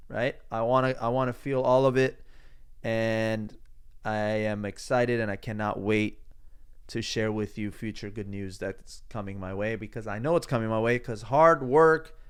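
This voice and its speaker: A man hosting his own podcast, chatting alone in a loose, rambling way. His voice is smooth and resonant at an ordinary middle pitch. He keeps restarting his sentences, stays upbeat, and drops in a swear now and then. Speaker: podcast host. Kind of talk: casual solo podcast monologue.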